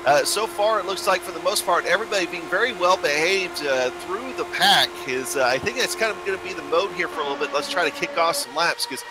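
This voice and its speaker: A man commentating a sim race broadcast, relaxed and full of fillers, turning excited on the restart calls. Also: high voice, quick pace, few pauses, noisy background. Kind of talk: sim racing play-by-play commentary.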